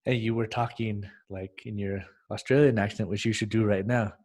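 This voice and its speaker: A man's voice: on the low side, moderate pace. Rambling man recalling stories. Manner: rambling, acts out scenes in animated voices. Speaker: podcast co-host. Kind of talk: casual chat.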